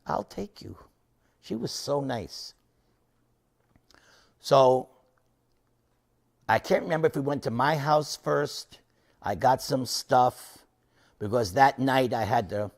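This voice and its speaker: Man, 60s, unhurried lecture storyteller who shifts between loud and soft. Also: medium pitch. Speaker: devotee lecturer.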